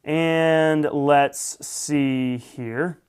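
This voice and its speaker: A man's voice: fairly high pitch, steady tone, extremely slow, smooth. A man hosting a live morning stream, chatting casually, greeting viewers by name and adding wry asides. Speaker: host.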